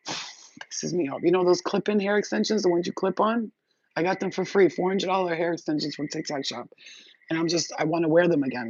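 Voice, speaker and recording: A middle-aged woman, a spiritual reader and vlogger, chats bluntly and casually with her viewers, swearing freely as she goes on. Her voice sits low with a darkish tone, and the dull lo-fi recording has no room sound.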